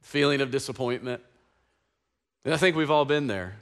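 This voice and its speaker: A man's voice: mid-range voice, moderate pace, a bit bright. A male pastor preaching a sermon in a casual, slangy, conversational way with frequent asides to the congregation.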